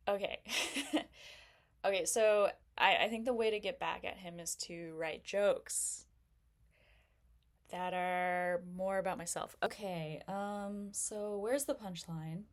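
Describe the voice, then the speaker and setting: A woman's voice: medium pitch, measured pace, soft background music. A young woman doing a self-deprecating stand-up comedy set, chatty and full of fillers. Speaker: stand-up comic.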